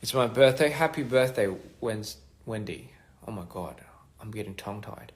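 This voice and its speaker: A young man casually chatting on a phone livestream, reading fan comments aloud with halting restarts and many fillers. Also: on the low side, lively intonation. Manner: halting, many restarts and fillers, switching between English and Korean. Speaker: musician hosting a livestream.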